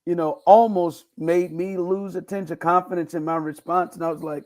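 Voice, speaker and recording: A man's voice: sits high, normal speed, few pauses. A man hosting a casual sports podcast, telling stories with playful mock indignation. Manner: animated storytelling, playful indignation. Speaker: podcast host.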